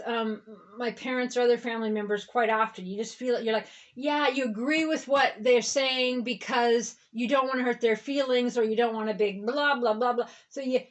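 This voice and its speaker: A woman reverend giving a rambling spiritual talk in a conversational way, often checking in with "okay?" and "right?". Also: a little high. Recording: dull lo-fi recording.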